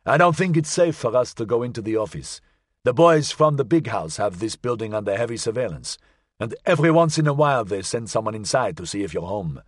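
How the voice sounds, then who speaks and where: A man's voice: mid-range voice, animated, brisk, no echo, clean studio sound, close to an everyday voice. A man voicing a big man in a vest and braces who gives a blunt, matter-of-fact warning.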